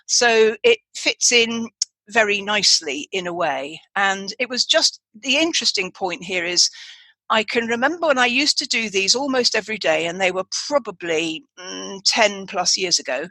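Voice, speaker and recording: A woman's voice: mid-range voice, lively intonation, normal speed, bright, forceful tone, no room sound. A woman hosting a podcast in casual chat, rambling along with restarts and asides. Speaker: podcast host.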